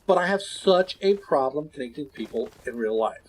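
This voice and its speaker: Husky, animated male streamer. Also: on the high side, moderate pace. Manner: blunt, candid and rambling, with sudden drops to quiet. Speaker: gaming streamer. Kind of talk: casual chat to stream viewers.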